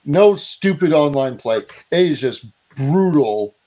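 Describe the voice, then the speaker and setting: A man's voice: on the high side, animated, takes it slowly, dark tone. A man co-hosting a casual podcast, voicing strong opinions and steering toward new topics. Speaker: podcast co-host. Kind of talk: casual chat.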